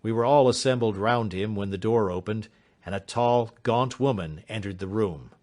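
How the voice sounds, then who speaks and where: A man giving a measured, dramatic audiobook narration. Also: lowish voice, a little mellow. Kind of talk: scripted narration.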